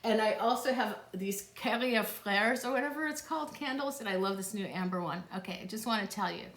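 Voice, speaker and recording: A woman's voice: mid-range voice, brisk, a bit bright. A middle-aged woman hosting a live psychic stream, chatting casually and gushing, with frequent gasps and laughs. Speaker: psychic host answering live questions. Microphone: phone or tablet. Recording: echoey room.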